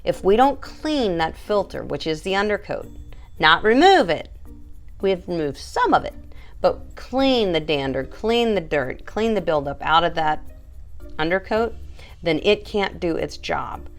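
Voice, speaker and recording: A woman's voice: fairly low pitch, sing-song, a little slow, soft background music. Chatty woman giving groomer tips. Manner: chatty and emphatic, many restarts, greets viewers by name. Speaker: pet groomer hosting a live stream. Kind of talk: casual live-stream advice, reading viewer comments.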